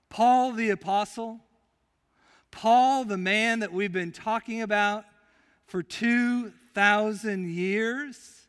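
A male preacher telling a story in a sermon, emphatic, swinging from loud declarations to hushed, quiet passages. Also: sits high, fairly even intonation, takes it slowly, clear, resonant tone. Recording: long reverb of a large hall.

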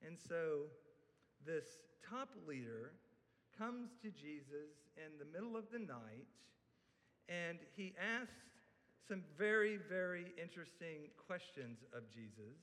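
A man preaching a sermon, telling the story in a conversational, animated way with asides to the listeners. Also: fairly high pitch, slow. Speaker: pastor. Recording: echoey hall with long reverb.

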